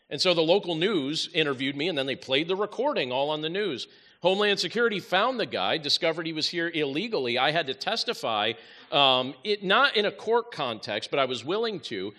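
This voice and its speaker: A pastor preaching a sermon, telling a story with lively asides and dry humor. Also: male voice, a little high.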